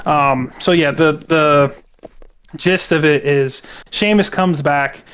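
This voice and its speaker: A man's voice: on the high side, slow, a bit bright, slight background noise. A young man co-hosting a casual podcast, recapping at length with lots of fillers and restarts. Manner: recaps at length with many fillers and acted-out quotes. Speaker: co-host.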